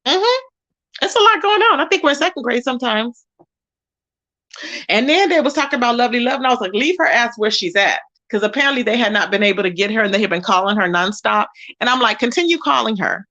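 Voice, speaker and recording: High, bright-voiced chatty woman host. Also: muffled recording. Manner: chatty, animated, greets viewers by name. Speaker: YouTube commentary host. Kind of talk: casual gossip commentary.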